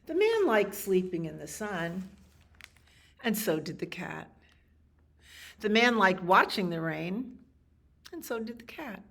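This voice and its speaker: A woman librarian reading a picture book aloud to children, expressive, with animal sounds and little asides. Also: medium pitch, takes it slowly, gravelly, long pauses.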